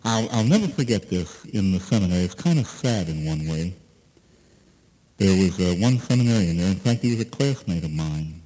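A man's voice: expressive, moderate pace, mellow. A man preaching in an echoing hall. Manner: folksy storytelling, acting out dialogue with rising pitch. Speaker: priest. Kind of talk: sermon with a told anecdote. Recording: long reverb of a large hall.

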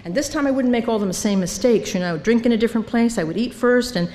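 This older woman's voice sits on the high side and carries a darkish tone as she rushes through her recovery story at a meeting. Her storytelling is funny and self-deprecating, full of impersonations of other people. Recorded in a reverberant meeting hall with faint noise behind her.

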